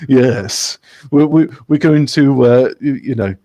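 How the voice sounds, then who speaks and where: A man hosting a casual online game show, chatty and excitable, exclaiming loudly at his dice rolls. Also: mid-range voice, normal speed. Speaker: host.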